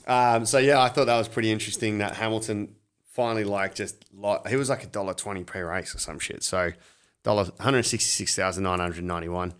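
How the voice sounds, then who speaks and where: Sweary Australian bloke, low voice. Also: male voice, brisk, clear, resonant tone. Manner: sweary, laughs often. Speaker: podcast co-host. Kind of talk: casual sports betting chat.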